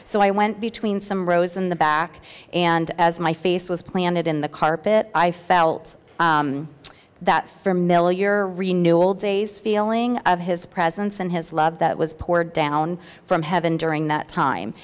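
A woman's voice: on the low side, fairly even intonation, unhurried, clear, resonant tone, big-room sound. A woman reading her personal testimony aloud at a church meeting, earnest and heartfelt, with hesitant fillers. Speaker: church member sharing a testimony.

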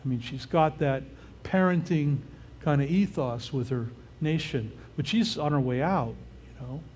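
A man's voice: fairly high pitch, measured pace, darkish tone, slight background noise. An older man preaching a casual, conversational sermon who often stops to check in with his listeners. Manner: informal, often checks in with the audience. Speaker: pastor.

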